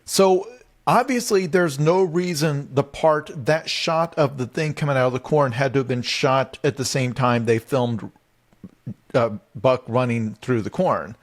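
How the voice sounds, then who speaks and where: A man's voice: mid-range voice, unhurried. A man co-hosting a comedy podcast, recapping a show in a rambling, exasperated way. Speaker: podcast co-host.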